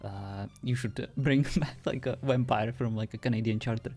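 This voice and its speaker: A woman's voice: very deep voice, normal speed, dark tone. A woman player chatting out of character on a live role-play stream, teasing and laughing often. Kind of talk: casual out-of-character chat. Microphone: streaming mic.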